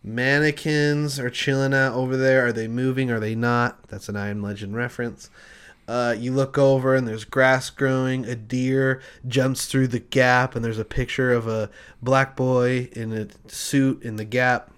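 A man co-hosting a casual comedic chat who rambles through an invented film pitch. He acts out the scenes as he goes, jumping between narration and little bits of dialogue. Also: measured pace, clear, resonant tone. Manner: animated, rambling storyteller acting out scenes. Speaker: podcast co-host pitching film ideas.

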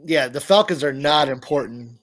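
A man's voice: medium pitch, lively intonation, moderate pace, no room sound. A man chatting casually as a podcast guest, rambling with restarts and asides. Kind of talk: casual chat.

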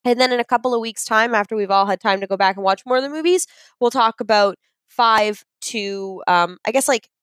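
A young adult woman co-hosting a podcast in casual chat, gushing and excitable as she tells a story. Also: on the high side, fairly quick, no room sound. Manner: excitable, gushing storyteller, fond of self-described geeking out. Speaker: podcast co-host.

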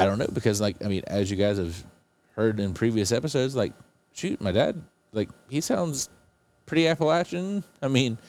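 On a podcast he co-hosts, a man from West Virginia chats loosely, rambling with lots of fillers and restarts. His voice sits on the low side with a darkish tone.

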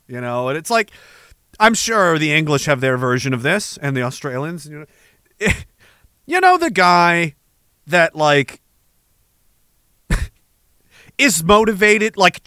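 A man's voice: on the high side, pushed and bright, no echo, studio quality. A man from Canada rambling through a sarcastic, profane comedic rant, laughing between his thoughts. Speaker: vlogger.

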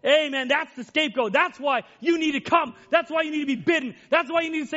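A male preacher delivering an emotional sermon, swinging from loud exclamations to hushed near-whispers. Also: extremely high pitch, lively intonation, a little fast, few pauses, dull audio.

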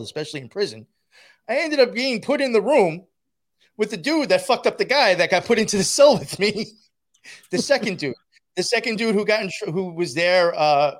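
A man's voice: high voice, fairly bright tone. Profane New man telling a story. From New York. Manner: profane, rambling, laughs while telling. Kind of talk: casual storytelling.

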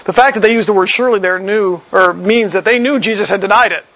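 A male preacher with a high, gravelly voice walks through scripture verse by verse in a conversational tone. His sermon sounds slightly dull on a lo-fi recording. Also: fast, a bit bright. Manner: conversational, reads verses and explains them.

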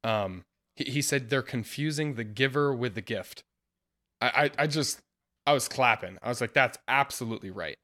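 A man hosting a casual podcast discussion about faith, earnest, laughing often and getting animated when quoting others. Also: medium pitch, moderate pace. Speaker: podcast host.

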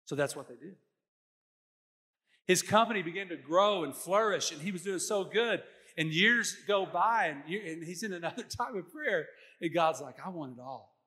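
A bright, high-pitched man preaching a sermon in a church hall. He tells stories, slips into quoted voices and laughs along with his own jokes. His voice rings out with a long hall echo around it. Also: animated, normal speed. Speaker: pastor.

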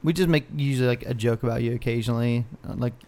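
A man co-hosts a casual podcast, ranting at length and swearing constantly. His voice sits at an ordinary middle pitch. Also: rapid-fire, darkish tone. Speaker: podcast co-host. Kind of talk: casual profane chat.

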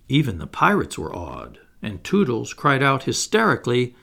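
Gravelly, expressive male storybook narrator. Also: mid-range voice. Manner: measured, expressive reading. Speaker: audiobook narrator.

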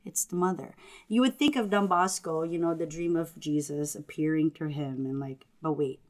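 A woman who is a Catholic religious sister and teacher, telling her story in an interview in an animated, earnest way. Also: low-pitched, normal speed. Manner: animated, earnest, acts out family members' lines.

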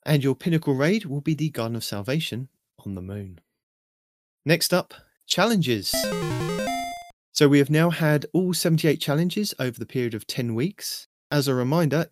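A man hosting a weekly game update, reading through a scripted news rundown in a steady, even delivery. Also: mid-range voice.

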